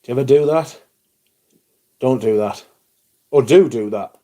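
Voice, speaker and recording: Mellow-voiced man chatting on livestream. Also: medium pitch, a little slow. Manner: chatty and informal, greets viewers by name, swears casually. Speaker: livestream host. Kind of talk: casual chat with viewers.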